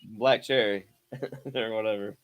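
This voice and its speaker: A man's voice: fairly low pitch, steady tone, a little slow, dry recording. A man co-hosting a podcast, telling stories in an easygoing way and swearing casually. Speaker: podcast co-host. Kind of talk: casual chat.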